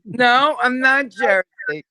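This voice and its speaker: This is a female caller with a bright, forceful tone who speaks slowly. She works through her question in a rambling, emphatic, animated way. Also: a little high. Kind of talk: phone-in question to a live show.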